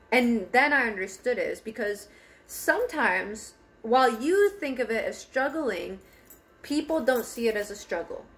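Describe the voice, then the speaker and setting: In a casual vlog filmed in a parked car, a young woman shares a personal story, frank and quick to laugh, with plenty of swearing. She has a slightly high, fairly bright voice.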